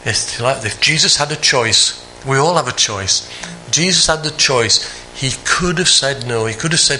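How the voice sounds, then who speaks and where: A man preaching a sermon, earnest, climbing higher for emphasis and dropping soft on the quieter phrases. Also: normal speed, hardly any pauses, a little hiss or hum.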